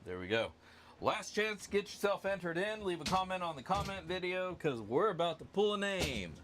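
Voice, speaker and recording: A man's voice: high voice, sing-song, normal speed, noisy background. Rambling self-joking male streamer. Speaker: livestream host running a giveaway. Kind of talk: casual live stream chat.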